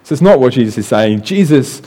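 A man's voice: mid-range voice, animated, a little fast, warm tone. A man preaching a sermon in a conversational way, often adding "right" and repeating words as he explains.

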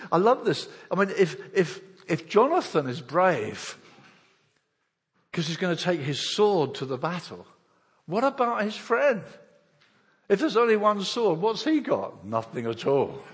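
Animated male preacher in a reverberant hall. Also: high voice, normal speed. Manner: animated preaching, swinging from loud to hushed. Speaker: pastor. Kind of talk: sermon. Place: church hall.

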